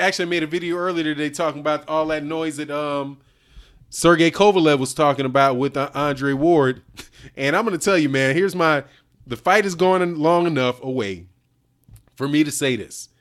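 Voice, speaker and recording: A man with a slightly higher voice talks loosely and in slang. He laughs a lot and keeps saying "dog" and "man" as he chats with his viewers on a live stream. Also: a bit bright. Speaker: boxing channel host. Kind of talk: casual livestream chat reading super chats.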